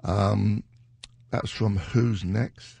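A man hosting a music radio show with a gravelly, husky voice, rambling and chuckling between song titles in a radio studio. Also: on the low side, steady tone, extremely slow, warm tone, dry recording. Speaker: radio DJ host. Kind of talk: casual radio chat.

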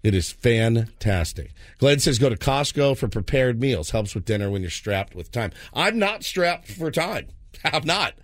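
A man's voice: mid-range voice, very animated, unhurried. A man in his thirties co-hosting a morning radio show, rambling in a self-deprecating, exasperated way. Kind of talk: casual morning show chat.

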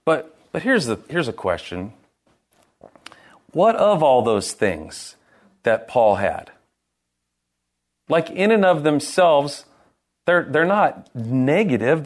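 A man preaching a sermon, earnest and animated, asking rhetorical questions and restarting his sentences. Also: on the high side, slow, long pauses. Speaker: pastor.

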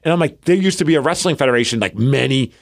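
His voice is gravelly and medium-pitched, moving at a quick clip. The man, a forties-aged Pacific Northwest podcast co-host, narrates a story in easygoing chat, animatedly acting out quoted lines.

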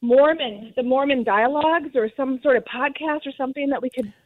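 A woman's voice: high-pitched, fairly quick, dry recording. A woman calling in to a radio show, asking her questions hesitantly with many ums. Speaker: caller. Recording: tinny phone line.

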